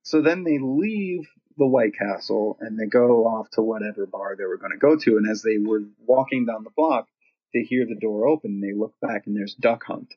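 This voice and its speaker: Brief: husky-voiced man, animated, swearing storyteller, dull lo-fi sound. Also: fairly low pitch, moderate pace. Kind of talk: casual anecdote.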